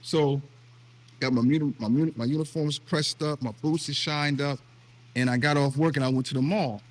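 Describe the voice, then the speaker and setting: A man's voice: a little high, steady tone, normal speed. A middle-aged man from the United States, hosting a casual conversation and telling personal stories in an earnest, emotional way with frequent restarts. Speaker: vlog host.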